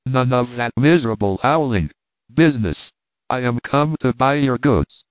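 A man's voice: medium pitch, animated, moderate pace, no echo, natural voice. Guy doing a blunt, bossy army captain, storybook reading, tinny dry audio. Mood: impatient. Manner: curt, commanding. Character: brusque impatient male army captain. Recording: dry tinny phone-like sound.

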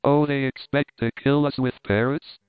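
A man's voice: medium pitch, steady tone, moderate pace, clean tone, no echo, close to an everyday voice. A man voicing a frightened, superstitious native guide who pleads anxiously, on a dry recording. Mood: fearful. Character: fearful male native guide, timid and superstitious. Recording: dry, tinny phone-like sound.

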